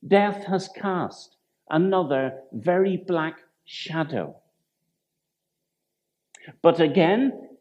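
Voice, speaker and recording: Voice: mid-range voice, a little mellow. A preacher giving a reflective sermon, who stumbles, corrects themself and asks the listeners rhetorical questions. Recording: dull lo-fi recording.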